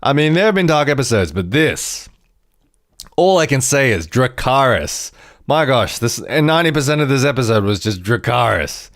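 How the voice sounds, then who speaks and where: A man hosting a podcast, reviewing a TV episode in an animated, rambling way with frequent restarts. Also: mid-range voice, normal speed, no room sound, clean studio sound. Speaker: podcast host.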